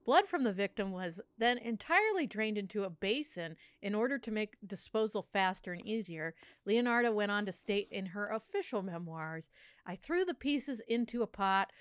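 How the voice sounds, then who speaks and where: A woman's voice: mid-range voice, moderate pace, hardly any pauses, clean tone, dry recording. A woman co-hosting a podcast, casually telling a true crime story with frequent laughter and a playful tone. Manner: animated, laughs often, tries a silly accent. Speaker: podcast co-host.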